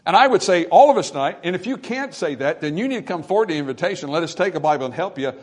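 A man delivers a sermon in a church, with a fairly high voice for a man. He drops to near-hushed asides, then builds to loud, emphatic declarations. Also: expressive, rapid-fire. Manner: preaching with wide swings from hushed to emphatic. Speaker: pastor. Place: church sanctuary.

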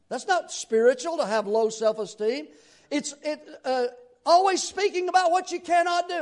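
A man with a strikingly high voice preaches a sermon from the pulpit. He talks to his congregation in a folksy, conversational way and keeps asking them rhetorical questions. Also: moderate pace.

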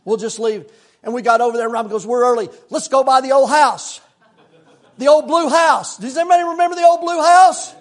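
An older male pastor preaching a sermon in a repetitive, impassioned cadence that drops into hushed, folksy storytelling. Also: very high-pitched, animated, quick pace.

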